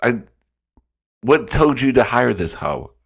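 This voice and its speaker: A man hosting a reaction video, telling stories in casual, profane, animated commentary. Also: medium pitch, slow pace, creaky, husky.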